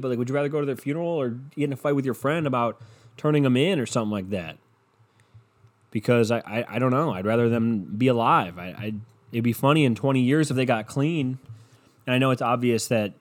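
A man talking casually and alone, rambling and swearing, often trailing off into a mumble. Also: medium pitch. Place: home room with a barking dog.

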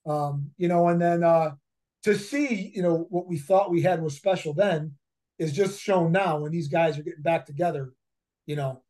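Rambling fifties man, slightly high voice. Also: moderate pace, darkish tone. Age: 50s. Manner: rambling, repeats words, many fillers. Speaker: head football coach, guest. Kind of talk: casual interview storytelling.

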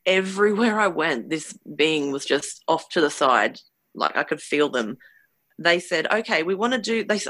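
A woman's voice: low-pitched, bright, forceful tone, no echo. A woman earnestly recounting a personal experience, hesitant and searching for words as she goes. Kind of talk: personal storytelling.

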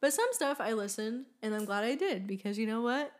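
A woman's voice: fairly high pitch, brisk. A woman in her twenties co-hosting a podcast, talking earnestly in a chatty way with many fillers and frequent laughs. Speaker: podcast co-host. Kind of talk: casual chat.

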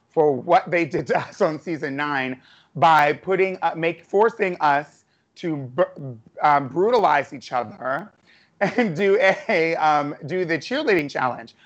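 Woman, host, casual streamed chat, animated, laughs a lot, video call. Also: deep voice, highs cut off. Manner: chatty and animated, laughs often.

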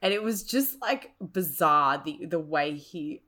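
A woman co-host tells a dating story in loose, animated chat, her voice sitting on the lower side. She laughs often and strings her thoughts along with plenty of fillers. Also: slow. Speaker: podcast co-host.

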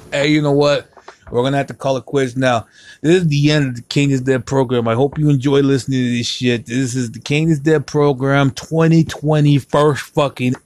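A man's voice: medium pitch, a little mellow. Profane rambling man hosting his podcast. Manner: profane, rambling, joking, drinking beer on mic. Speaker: podcast host. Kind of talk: casual rambling monologue.

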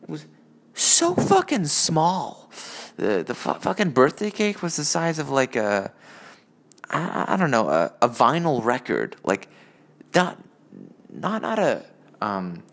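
A man's voice: mid-range voice, a bit bright. A man vlogging into a phone, telling a rambling, profane story in a casual way and restarting his sentences often.

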